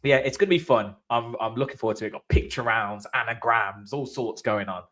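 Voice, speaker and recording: A man's voice: medium pitch, fairly quick, fairly bright tone. A man co-hosting a football fan show, chatty and self-deprecating as he lays out plans. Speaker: co-host of a football fan channel. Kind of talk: casual chat.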